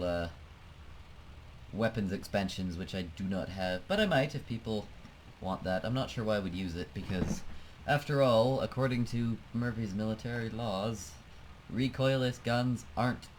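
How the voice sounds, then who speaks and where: A man's voice: on the low side, slight background noise, rough recording. A man giving casual, self-mocking commentary while playing a flight game, laughing often. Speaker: let's play gamer.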